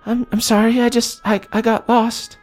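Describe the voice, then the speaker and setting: A man putting on a young bullywug girl's voice, a timid little frog creature from a tabletop game. She sounds high and nervous, stumbling over her words and apologizing. Soft music plays underneath. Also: little pitch movement, normal speed. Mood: flustered.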